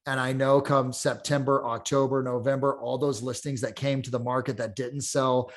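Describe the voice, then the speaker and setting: A middle-aged man, a real estate coach, talking in a casual podcast chat, energetic and blunt, acting out quotes as he tells stories. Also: mid-range voice, normal speed. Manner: energetic storyteller, swearing, acts out quotes.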